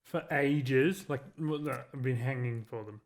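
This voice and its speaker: A man's voice: mid-range voice, measured pace. A man co-hosting a podcast in casual chat, making wry, dry jokes. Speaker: podcast co-host.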